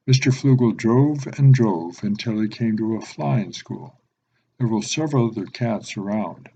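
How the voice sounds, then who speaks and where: Low, mellow man reading a storybook. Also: unhurried, creaky, breathy edge, lo-fi sound. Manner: gentle, expressive storytelling. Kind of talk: children's picture book read-aloud.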